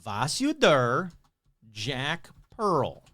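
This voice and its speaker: A podcast host with a fairly high voice that bounces all over the place, chatting sarcastically and rambling as he mocks himself and his material. The sound is dry and close, with no room around it. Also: huge pitch swings, very slow, a bit bright, no echo. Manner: sarcastic, rambling, self-mocking. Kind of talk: casual comedic chat.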